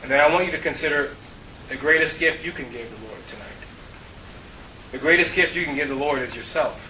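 A man preaching an earnest sermon to his congregation, telling stories and dropping to a hush for the key points. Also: a little high, brisk. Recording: roomy, distant mic with faint hiss.

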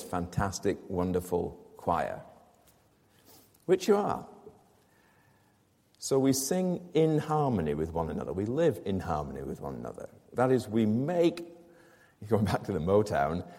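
A man's voice: low voice, warm tone, long reverb tail. A man preaching a sermon to his congregation, explaining a scripture passage with rhetorical questions and emphatic repetition. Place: church.

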